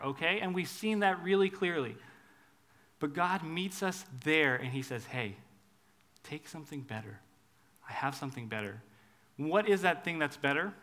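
A man preaching a conversational sermon, swinging between hushed asides and loud, emphatic lines. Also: a little high.

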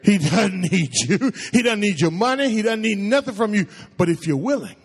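A man preaching with a lot of life in his voice, his pitch climbing and dropping as he talks to the congregation. He sits fairly high for a man, and he teases his listeners and jumps up even higher when he acts out what people say. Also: moderate pace, creaky, slightly rough. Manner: animated, conversational preaching with playful asides. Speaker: pastor. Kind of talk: sermon.

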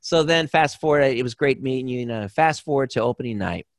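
A man telling a backstage story as an interview guest, animated and acting out the voices of others. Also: mid-range voice, quick pace, no room sound, clean studio sound. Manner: animated, acts out voices in his stories. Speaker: guest performer. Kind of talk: casual storytelling.

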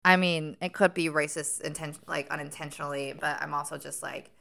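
A woman's voice: low-pitched, level tone, fairly quick, vocal fry, a bit bright. A young woman co-hosting a podcast, chatting in a gossipy, rambling way full of "like". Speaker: podcast co-host. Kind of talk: casual chat.

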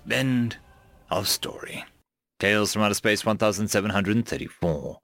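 A man narrating science-fiction short stories in an expressive, dramatic reading style, close to the mic. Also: lowish voice, moderate pace. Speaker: story narrator. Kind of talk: sci-fi story reading.

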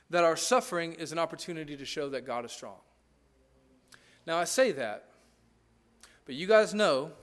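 A man with a high speaking voice delivers a sermon as pastor. His delivery is conversational yet emphatic, and he often checks in with the congregation. He builds each point through stacked parallel phrases. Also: a bit bright.

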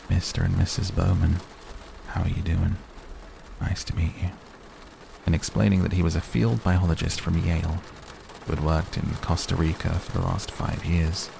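A man narrating an audiobook in a steady, even reading. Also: low-pitched, vocal fry. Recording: noisy recording.

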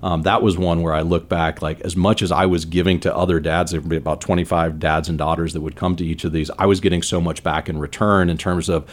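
A man's voice: sits low, steady tone, brisk, few pauses. A man in his forties, a business leader from San Diego, telling stories in an earnest, rambling way with lots of fillers. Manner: earnest, rambling with many "you know" fillers. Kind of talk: conversational interview storytelling.

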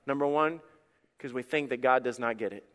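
A man's voice: medium pitch, fairly quick, a bit bright, long reverb tail. A male pastor preaching a sermon in an emphatic, conversational way, repeating phrases for effect.

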